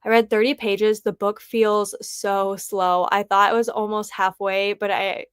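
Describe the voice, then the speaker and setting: A woman hosts a casual livestream, chatting and rambling while she thinks aloud. Her voice sits in an ordinary middle pitch and sounds dry and close, with no room around it. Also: flat delivery, measured pace, clear, resonant tone, no room sound. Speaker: livestream host.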